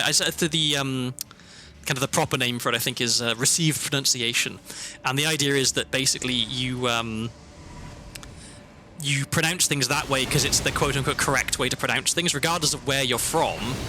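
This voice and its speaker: A man's voice: mid-range voice, background noise. Chatty British man streaming a game. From Britain. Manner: chatty, rambling, self-interrupting. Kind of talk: casual gameplay commentary. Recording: game music underneath. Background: background music.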